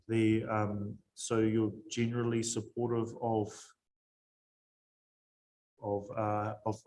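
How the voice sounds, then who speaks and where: A man, a councillor questioning staff at a council hearing, halting with many fillers. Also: on the low side, rough recording.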